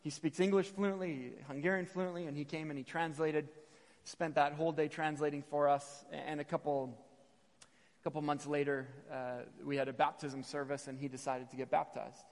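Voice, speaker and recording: A man's voice: on the high side, moderate pace. A man preaching in a reverberant hall. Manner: animated storytelling, repeats phrases, occasional stumbles. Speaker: missionary preacher. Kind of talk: sermon with personal stories.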